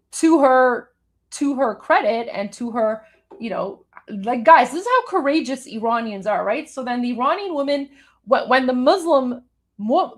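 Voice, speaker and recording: A woman from Iran hosts a live stream, talking through a clip in an emphatic, indignant way. Her voice sits a little high, and she keeps stopping to restart her sentences with plenty of fillers. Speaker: host. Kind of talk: live commentary on a video.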